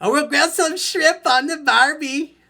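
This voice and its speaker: A man putting on a cheery, loud mock-Australian voice. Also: measured pace, vocal fry, exaggerated voice. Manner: loud, high, bouncy.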